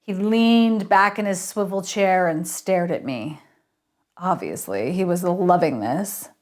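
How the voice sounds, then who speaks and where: A woman, an author, reading her novel aloud in an expressive, lively way. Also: fairly low pitch, slow.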